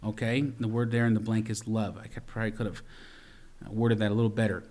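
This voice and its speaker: Man preaching with loud swings. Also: on the low side, flat delivery, brisk. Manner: storytelling preacher, swings from loud emphasis to quiet asides; repeats words and restarts lines while preaching. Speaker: pastor. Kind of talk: sermon.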